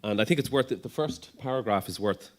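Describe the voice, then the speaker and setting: Low-voiced neurologist presenting. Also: male voice, brisk. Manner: conversational, lots of ums and restarts, light humor. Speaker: neurologist giving a conference talk. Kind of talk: conference presentation.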